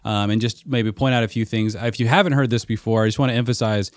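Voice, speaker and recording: A man's voice: mid-range voice, steady tone, fast talker, no room sound. A man co-hosting a podcast, explaining at length in an earnest, casual discussion. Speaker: podcast co-host and mentor.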